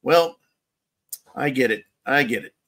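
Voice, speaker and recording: A man with a mid-range, fairly bright voice hosts a casual political commentary livestream, speaking a little slowly. He rambles and gets sarcastic while reading viewer chat, adding chuckles and mocking asides.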